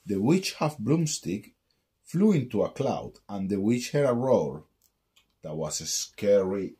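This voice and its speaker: Deep-voiced man reading a bedtime story. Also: very animated, slow, warm tone. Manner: sing-song rhyming storytelling. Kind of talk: reading a picture book aloud.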